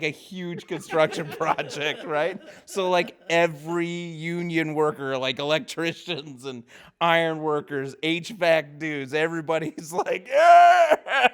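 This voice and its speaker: A man's voice: fairly high pitch, fairly bright tone. A man, a film-set grip, telling a long anecdote on a casual podcast, laughing often. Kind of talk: casual storytelling chat.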